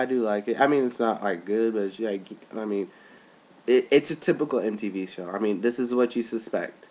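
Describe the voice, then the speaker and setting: A young man rambles through a casual vlog into a webcam at home, his voice sitting at an ordinary middle pitch. He piles on fillers and jumps way up high whenever he quotes someone. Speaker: vlogger. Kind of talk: casual chat.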